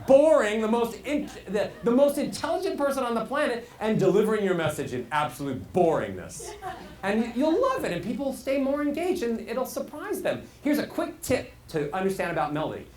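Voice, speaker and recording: Animated male voice coach, roomy sound. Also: fairly quick. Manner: animated, swings pitch widely to demonstrate. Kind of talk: speaking lesson. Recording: roomy sound with faint hiss.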